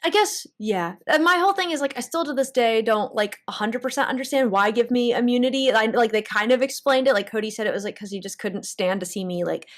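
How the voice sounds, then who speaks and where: A young woman, a guest contestant, telling her story in casual interview chat, animated, with many restarts and laughs. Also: on the high side, fast, hardly any pauses.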